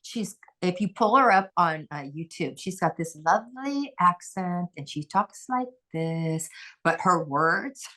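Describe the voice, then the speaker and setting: A woman's voice: on the low side, lively intonation, measured pace, bright, forceful tone. A woman who is a former head gymnastics coach, talking passionately and emphatically as a podcast guest. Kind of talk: podcast conversation.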